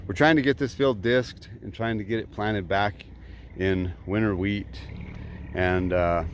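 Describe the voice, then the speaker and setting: Dry-humored farmer, low voice, outdoors. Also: male voice, steady tone, measured pace. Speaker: farmer vlogger. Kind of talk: casual vlog walkaround. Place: outdoors on a farm. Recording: faint outdoor noise.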